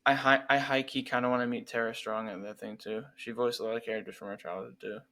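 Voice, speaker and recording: A man's voice: mid-range voice, little pitch movement, fast, pushed and bright. A young man co-hosting a podcast, talking in an easygoing way with lots of fillers. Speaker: podcast co-host. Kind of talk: casual chat.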